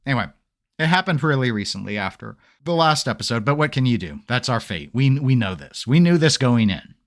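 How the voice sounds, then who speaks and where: A man hosting a podcast in casual chat, an animated storyteller who acts out quotes. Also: mid-range voice, brisk. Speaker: podcast host.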